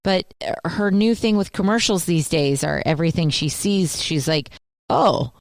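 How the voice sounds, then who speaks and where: A woman's voice: on the low side, normal speed, no echo, clean studio sound. A woman in her thirties co-hosting a radio show, telling stories in casual banter and acting out the quotes. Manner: animated storyteller, acts out quotes.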